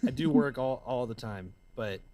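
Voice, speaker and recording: He's a musician and entrepreneur from the American South, guesting on an interview and telling stories in laid-back slang. His pitch is medium and his speed normal. Excitable in manner, he leans on "man" and "dude."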